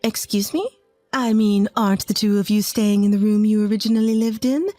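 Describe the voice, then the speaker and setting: A woman voicing a spiteful, bossy mother-in-law near fifty who talks with sharp, dismissive scorn. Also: medium pitch, steady tone, brisk, no echo, soft background music, close to an everyday voice. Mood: mock-cheerful.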